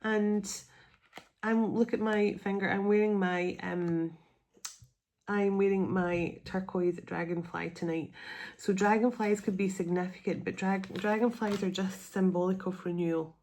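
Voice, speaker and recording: A woman gives a heartfelt tarot reading, speaking earnestly and sounding close to tears. She lingers on key words and lets them stretch out. Her voice sits at an ordinary middle pitch. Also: fairly even intonation, measured pace, darkish tone. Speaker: tarot reader. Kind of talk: spiritual tarot reading to camera.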